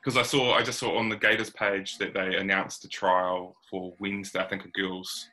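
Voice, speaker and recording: A man's voice: sits low, little pitch movement, moderate pace, pushed and bright, poor audio. A New Zealand man hosting a casual basketball chat, rambling and laid-back with plenty of slang. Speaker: podcast host.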